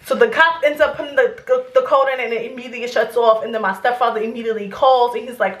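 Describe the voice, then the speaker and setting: A young adult woman vlogger telling a story in casual chat, rambling and animated, swearing freely. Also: a little high, fast talker, few pauses, roomy sound.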